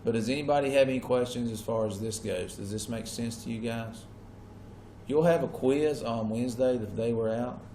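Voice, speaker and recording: A man's voice: medium pitch, moderate pace, dark tone. Guy teaching history to a class, keeps asking if y'all got it, faint room hiss. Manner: checks in often with students, casual Southern-style phrasing. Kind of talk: classroom lecture.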